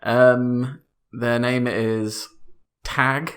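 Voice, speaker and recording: A man's voice: medium pitch, steady tone, very slow, fairly bright tone. A man co-hosting a comedy podcast, improvising a story, giggly and hesitant with many ums. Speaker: co-host.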